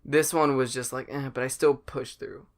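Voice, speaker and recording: A man's voice: mid-range voice, steady tone, normal speed. A man co-hosting a podcast in casual chat, eager and full of questions, stammering as he restarts his sentences. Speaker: podcast co-host.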